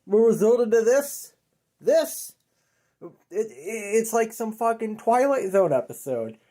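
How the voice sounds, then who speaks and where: A man's voice: sits high, expressive, measured pace, warm tone. A man making a comedic video, swearing often and ranting in an exasperated, rambling way that keeps stopping and restarting. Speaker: video creator. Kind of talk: profane comedic rant to camera.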